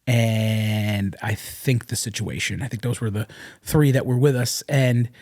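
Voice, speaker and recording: A man telling rambling, animated anecdotes as a podcast guest, with many fillers and restarts. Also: medium pitch, measured pace. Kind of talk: casual storytelling. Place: podcast studio.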